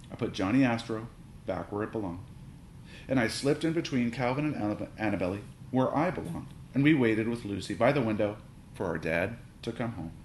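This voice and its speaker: A man reads a children's story aloud with animated, playful storytelling, his low voice swinging widely in pitch. The sound is roomy, with a faint hiss underneath. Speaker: audiobook reader. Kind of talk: expressive children's story narration.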